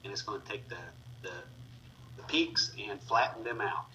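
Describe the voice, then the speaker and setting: A man with a lowish, very bright voice walks through a spreadsheet lesson step by step, filling pauses with "uh" as he clicks. He sounds a little distant from the mic, with faint noise and keyboard typing behind him. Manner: talks through steps as he clicks, with fillers. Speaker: instructor. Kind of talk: screen-recorded spreadsheet tutorial.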